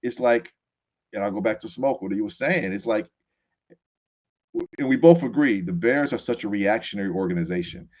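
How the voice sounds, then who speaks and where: A man guesting on a sports talk show, animated and quick to laugh, often restarting his sentences. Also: lowish voice, dull audio.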